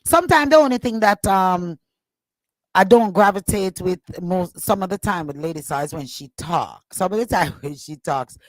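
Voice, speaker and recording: A woman's voice: fairly low pitch, lively intonation, moderate pace, dry recording, low-quality recording. A woman with a Jamaican accent speaking on a radio panel, hesitant and full of fillers as she talks it through. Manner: hesitant, many fillers and restarts, agreeing murmurs. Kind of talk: casual panel discussion.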